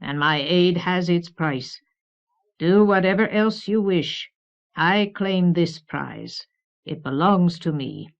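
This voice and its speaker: A woman voicing a deep, resonant, commanding unseen dark power in an audiobook. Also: animated, gravelly, full character voice. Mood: commanding, menacing. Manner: slow, commanding. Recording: dull old cassette recording.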